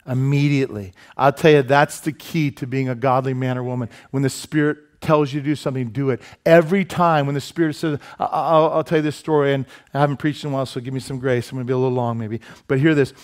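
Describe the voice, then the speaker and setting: A man preaching from the pulpit, pitch set in the everyday middle. He tells stories with animated asides and pokes fun at himself. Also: quick pace, hardly any pauses. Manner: animated storytelling with asides and self-deprecating humor. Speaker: pastor. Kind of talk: sermon. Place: church sanctuary.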